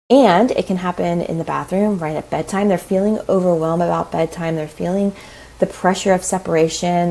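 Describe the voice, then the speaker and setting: A woman in her thirties, a parenting coach talking in a casual interview, chatty and animated, often saying "like" and "right?". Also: lowish voice, gravelly, rough recording.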